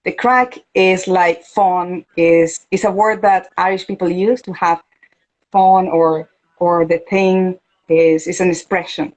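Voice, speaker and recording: A woman's voice: on the low side, steady tone, slow, darkish tone, rough recording. A woman from Venezuela with a Venezuelan Spanish accent, a coach hosting a casual interview, talking animatedly and acting out quoted voices. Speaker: host and coach.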